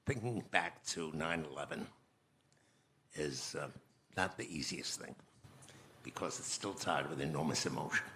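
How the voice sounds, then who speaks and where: A man in his nineties, speaking as a conference guest and recounting memories in a measured, reflective way with pauses. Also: extremely low pitch, a bit bright, a little hiss or hum. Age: 90s. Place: conference stage.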